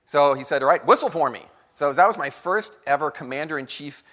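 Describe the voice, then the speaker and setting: A man giving a lively storytelling talk to an audience, acting out the voices of people in his story. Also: on the high side, fairly quick. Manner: animated storyteller acting out quotes. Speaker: guest speaker. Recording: long hall reverb.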